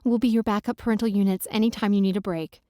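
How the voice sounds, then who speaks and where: A woman's voice: mid-range voice, steady tone, quick pace, dark tone, no echo, clean studio sound, lightly acted. A woman voicing a blunt, protective best friend. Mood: warm, supportive. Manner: blunt, teasing and insistent. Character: protective, wisecracking young married woman friend. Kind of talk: audiobook dialogue reading.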